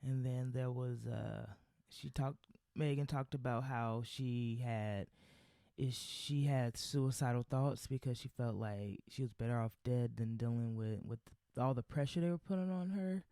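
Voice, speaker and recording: Podcast host, casual solo rant, blunt and profane, mellow tone, dry close sound. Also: medium pitch, unhurried, no echo. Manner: rambling with frequent fillers and trailing restarts.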